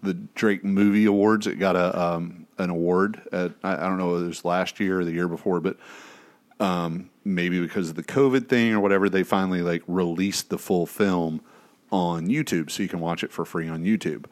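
Deep-voiced man hosting a podcast. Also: moderate pace. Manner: relaxed, questioning, with hesitant restarts. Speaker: podcast host. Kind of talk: casual podcast chat.

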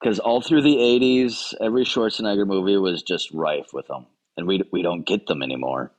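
A man with a low voice trades dry jokes on a casual movie podcast. He stammers through restarts and repeats words before landing a quip. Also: a little fast. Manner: wry, joking, stammers on restarts. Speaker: podcast co-host.

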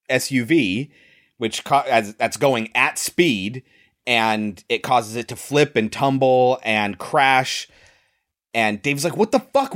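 A man's voice: medium pitch, a bit bright. A man casually discussing a film, laughing often and comparing characters with firm opinions. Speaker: podcast co-host.

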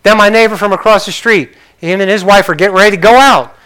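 Older guy preaching, high bright voice, chatty, keeps asking the crowd stuff, goes loud then real quiet. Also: quick pace, clear, resonant tone. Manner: conversational, questions the audience, swings between loud and soft. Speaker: pastor. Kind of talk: sermon.

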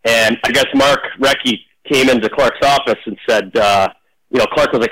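A man, a former referee, telling stories casually in an interview, animated and full of restarts. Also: mid-range voice, moderate pace, low-quality recording. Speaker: hockey officiating manager, former referee.

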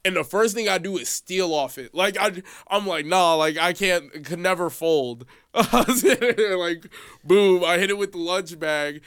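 A man's voice: high-pitched, animated, moderate pace, a bit bright, clear, resonant tone, no room sound, clean studio sound. A young man in casual chat with a friend, adding his side of a story with laughs and swearing. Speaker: friend chiming in.

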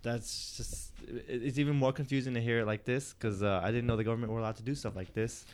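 A man's voice: mid-range voice, fairly even intonation, quick pace, a little mellow. A laid-back man with a mid-range voice chats easily as a podcast co-host. He answers in short, easygoing reactions and asks questions plainly. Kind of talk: casual chat.

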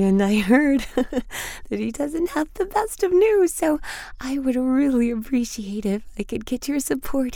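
A woman's voice: a little high, dark tone, no room sound, studio quality, pitched above the performer's own voice. A woman voicing a chirpy mother coaxing her young sons in a sing-song way.

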